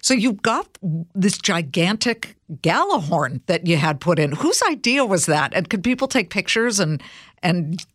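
A woman hosting a podcast interview, chatty and lively, laughing along with her guest. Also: fairly low pitch, a little slow, no room sound, studio quality. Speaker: podcast host. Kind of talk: casual interview conversation.

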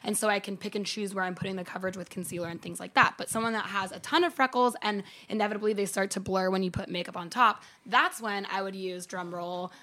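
Woman, 30s, makeup artist guest; chatty, explains step by step, mid pitch. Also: steady tone, quick pace, few pauses, sharp tone. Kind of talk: casual podcast chat.

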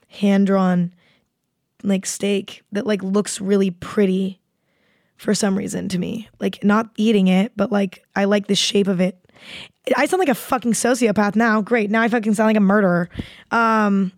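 A woman's voice: medium pitch, fairly even intonation, moderate pace, darkish tone, dry recording, clean studio sound. A young adult woman hosting a podcast, chatting casually in a rambling, heavily profane way. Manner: rambling, swears freely. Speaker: podcast host. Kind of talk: casual chat.

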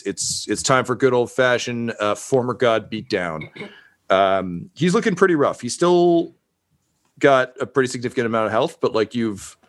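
Low-voiced male game master, casual and profane, quick to laugh. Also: fairly bright tone. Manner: loose and laughing, many fillers.

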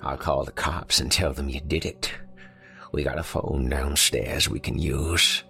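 A man voicing a spiteful old man with a hoarse, papery, hissing voice, making slow sneering threats. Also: extremely low pitch, steady tone, sharp tone, soft background music, heavily acted. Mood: sneering menace.

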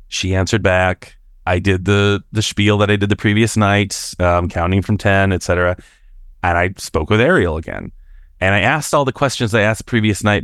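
A man calling in to tell a personal story in a casual, halting way, jumping higher when he acts out quoted voices. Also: no room sound, clean studio sound. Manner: animated, jumps up in pitch to act out quoted voices; halting, with restarts and fillers. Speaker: caller sharing a personal experience.

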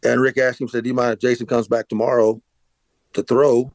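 A man's voice: medium pitch, level tone, fairly quick, no room sound. A middle-aged man hosting a podcast, telling a long story casually, with frequent restarts and filler words. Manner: rambling, many restarts and "uh"s. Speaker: podcast host, former pitcher.

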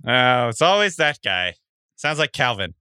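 A man's voice: medium pitch, sing-song, a little slow, sharp tone, clean tone, dry recording. A man co-hosting a casual podcast chat, laughing often and swearing freely. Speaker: podcast co-host.

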